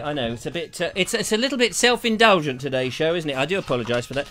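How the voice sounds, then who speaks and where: Lively, jokey male live-show host. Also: a little high, quick pace, soft background music. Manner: jokey, rambling, playful. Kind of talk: casual live-stream chat.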